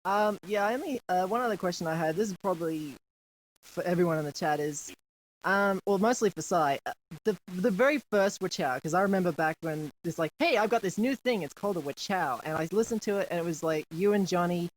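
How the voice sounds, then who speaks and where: A man's voice: high-pitched, fairly quick, poor audio. An Australian man, a guest who voices characters, asking questions hesitantly with fillers and laughs in a casual chat. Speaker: guest voice actor.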